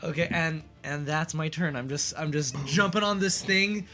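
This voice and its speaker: A man playing in a tabletop game, eager and hurried, often restarting his sentences. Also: a little high, pushed and bright, faint music behind. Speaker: player. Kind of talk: casual tabletop play.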